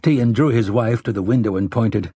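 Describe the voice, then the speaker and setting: A man reading an audiobook narration in a measured, even storytelling manner. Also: on the low side, breathy edge, no echo, studio quality.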